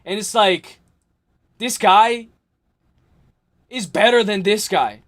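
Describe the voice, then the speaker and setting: A young man hosting a livestream, ranting hard about fights, repeating himself, swearing and yelling at times. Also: high-pitched, takes it slowly. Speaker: livestream host. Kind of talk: heated livestream rant.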